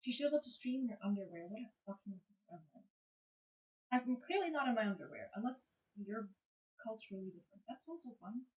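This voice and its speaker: Young woman streamer, chatty and rambling, higher voice, some distance from the mic. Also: animated, brisk, darkish tone. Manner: rambling, chatty, talks to chat. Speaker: live streamer. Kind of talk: casual stream chat. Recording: roomy sound, away from mic.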